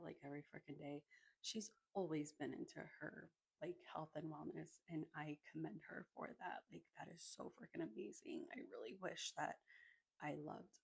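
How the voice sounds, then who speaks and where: A woman from Arizona tells her story straight to the camera in a loose, chatty way, filling her sentences with "like." Her voice sits fairly low and has a husky edge with a gravelly fry at the ends of phrases. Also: a little mellow. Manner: chatty, many "like" fillers, casual swearing. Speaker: energy healer and Reiki practitioner. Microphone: microphone in front of her.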